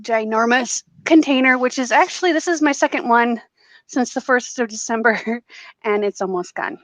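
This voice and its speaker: A woman's voice: a little high, fairly bright tone, no echo. Chatty woman hosting a live stream. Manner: chatty, with frequent fillers and laughs. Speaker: host of a live acrylic pouring stream. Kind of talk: casual live-stream chat.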